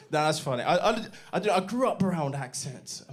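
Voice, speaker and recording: A young male comedian with a slightly higher voice works the crowd in a brash, foul-mouthed way. His delivery is punchy stand-up, straight into a stage microphone at a club. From Bristol, England. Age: young adult. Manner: brash, sweary, crowd-baiting.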